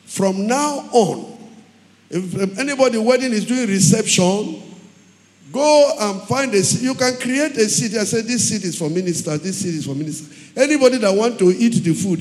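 High-voiced pastor preaching in a hall. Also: male voice, a little mellow. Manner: emphatic, repeats phrases, tells stories. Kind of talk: sermon. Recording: long hall reverb.

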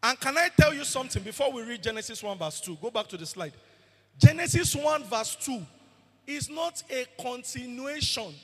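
A man's voice: high voice, bright, forceful tone, slightly rough. A man preaching a sermon as pastor, emphatic and asking the congregation questions. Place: church hall. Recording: long hall reverb.

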